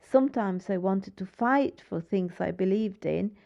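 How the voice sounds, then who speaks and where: Gravelly-voiced Mexican woman. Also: medium pitch, measured pace, mellow. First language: Spanish. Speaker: interviewee. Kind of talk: personal account. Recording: dull lo-fi recording.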